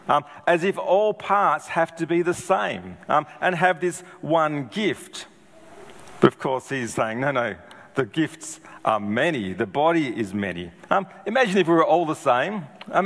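Pastor preaching in a reverberant hall. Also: male voice, on the high side, a bit bright. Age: middle-aged. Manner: conversational preaching with many ums and restarts, rhetorical questions. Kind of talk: sermon. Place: church hall.

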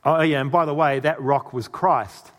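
A man's voice: on the high side, fairly even intonation, normal speed. A man preaching a sermon, telling a story and asking the audience questions. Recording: long reverb in a hall.

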